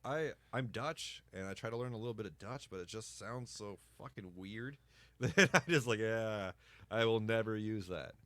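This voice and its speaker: A man's voice: on the low side, moderate pace. A man hosting a podcast, telling a rambling story full of swearing and laughter. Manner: profane, animated storyteller who laughs often. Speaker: podcast host. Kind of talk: casual storytelling chat.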